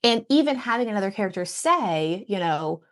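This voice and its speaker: A woman who writes and teaches writing, chatting casually on a podcast and pausing often to find her thoughts. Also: mid-range voice, expressive. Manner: thoughtful, trails off and restarts while thinking.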